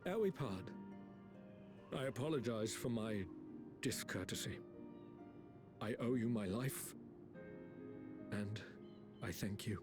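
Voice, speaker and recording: A man's voice: on the low side, expressive, slow pace, pauses often, music in the background. An actor playing a proud, stiff older male noble in formal, pompous video game dialogue. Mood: grudging.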